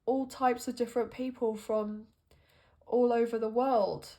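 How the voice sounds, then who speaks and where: Female tarot reader, higher voice, slow and musing, thinks aloud with fillers. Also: level tone, mellow. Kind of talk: intuitive tarot reading monologue.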